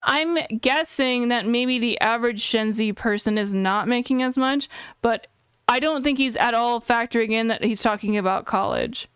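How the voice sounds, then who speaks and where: Chatty woman in her thirties, crisp voice. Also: on the high side, normal speed, fairly bright tone, dry recording, studio quality. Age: 30s. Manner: thinking aloud, chatty, many "like"s and self-corrections. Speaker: streamer. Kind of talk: casual live-stream commentary.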